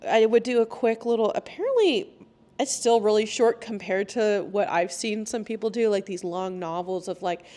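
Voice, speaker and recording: A young woman talks casually on her own podcast, chatty and quick to laugh. Her pitch is moderate and ordinary, and now and then she jumps higher to act out what someone else might say. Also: mellow. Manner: chatty, laughs often, acts out quoted lines in a higher voice. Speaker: podcast host. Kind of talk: casual solo podcast talk.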